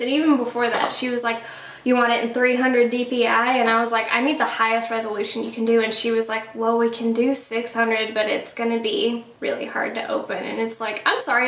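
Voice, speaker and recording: A young woman vlogging casually from her home art studio, rambling and chatty with lots of fillers. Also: on the high side. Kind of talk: casual storytelling vlog. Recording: roomy, from a distance, music under. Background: soft background music.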